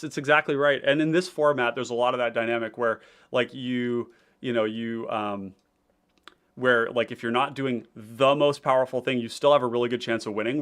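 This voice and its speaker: A man's voice: mid-range voice, a bit bright, clean tone. A man hosting a casual livestream about building a card game deck, talking loosely with many fillers and restarts as he reads viewer comments aloud.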